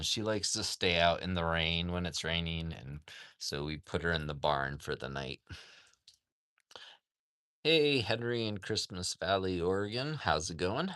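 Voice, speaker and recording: A man with a very low voice chats casually on a livestream from outdoors at an animal sanctuary. He talks slowly and rambles, with plenty of "like" and soft asides to the animals. His voice is close and dry, with little room around it. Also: clear, resonant tone, no room sound. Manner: rambling, says "like" often, talks softly to animals.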